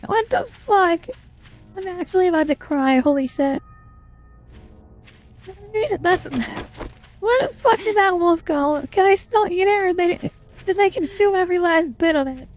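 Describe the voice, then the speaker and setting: A woman streamer reacting to a game as she plays, swearing constantly and yelling at enemies. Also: extremely high pitch, expressive, measured pace, long pauses, faint music behind. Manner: profane, yelling, reacting loudly. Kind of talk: live gameplay commentary.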